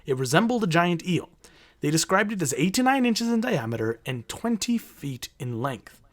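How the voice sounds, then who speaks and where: A man in casual podcast chat, reading out a story, then breaking off to joke and laugh with a friend. His voice sits somewhat high and swings widely in pitch. His talk is loose and profane. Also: big pitch swings, normal speed. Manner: joking, profane, laughs often.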